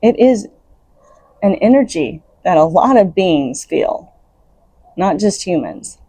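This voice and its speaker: A woman's voice: fairly low pitch, animated, takes it slowly, warm tone, breathy edge. A woman hosting her own podcast, giving unscripted spiritual self-help talk in an earnest, coaching way. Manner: earnest, coaching, laughs between thoughts. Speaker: podcast host.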